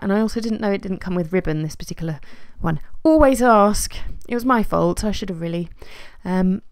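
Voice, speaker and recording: A woman casually narrating a scrapbooking layout in a chatty, self-deprecating way, with fillers and soft laughs. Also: mid-range voice, dry recording. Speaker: scrapbooking vlogger. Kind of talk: casual voice-over narration of a craft process.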